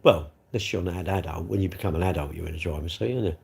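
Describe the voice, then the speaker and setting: A man's voice: low voice, very fast, gravelly, darkish tone, slightly rough. A middle-aged man, rambling through a casual livestream and answering viewer comments, calling them mate. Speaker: livestream host.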